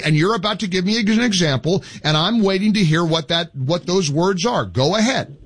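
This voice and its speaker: A man hosting a call-in radio show, his voice high and husky. He argues in a sarcastic, mocking tone and needles the caller at every turn. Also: lively intonation, normal speed, fairly bright tone. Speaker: talk radio host. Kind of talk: combative call-in radio talk.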